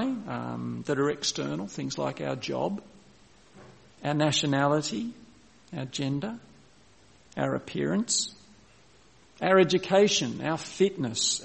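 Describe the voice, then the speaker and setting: A man preaching a sermon as pastor, reading scripture slowly and explaining it with frequent restarts. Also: fairly high pitch, gravelly. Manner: slows down to read scripture, restarts phrases.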